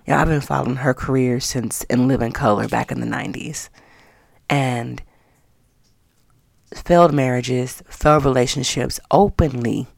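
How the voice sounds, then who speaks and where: A woman hosts her own talk podcast in a casual, motivational way. Her voice has a gravelly, creaky edge, and she leans on words with drawn-out emphasis. The sound is close and dry, with no room around it. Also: extremely low pitch, a little mellow, no echo. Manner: earnest, encouraging, drawn-out emphasis. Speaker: podcast host.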